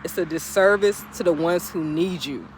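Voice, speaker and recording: A woman motivational speaker, talking outdoors in an animated, laughing vlog pep talk. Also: fairly low pitch, moderate pace, slight background noise. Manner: animated, laughing often, talking straight to viewers. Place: outdoors, birds in background.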